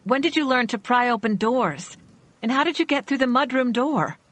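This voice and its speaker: A woman reading the part of a frightened doctor who shouts and shrieks in panic. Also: on the high side, animated, moderate pace, no room sound, pitched above the performer's own voice. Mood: exasperated.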